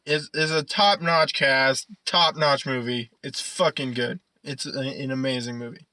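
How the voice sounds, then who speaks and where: Young man ranting casually, bright tone. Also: mid-range voice, fairly even intonation, a little slow, no room sound, low-quality recording. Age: young adult. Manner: rambling, profane, laughs often. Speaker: podcast co-host. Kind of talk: casual chat.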